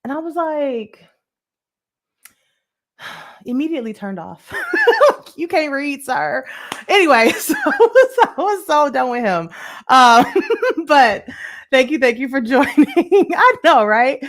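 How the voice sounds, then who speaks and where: A woman's voice: high voice, very animated, takes it slowly, pauses often, a bit bright. A woman hosting a live money show, chatting with viewers and greeting them by name, with plenty of laughter. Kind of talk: live-stream chat with viewers.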